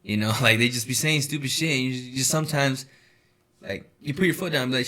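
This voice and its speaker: A man's voice: mid-range voice, fast talker, pushed and bright. A young man co-hosting a casual podcast chat, rambling at length with lots of swearing and "you know, like" fillers. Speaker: podcast co-host.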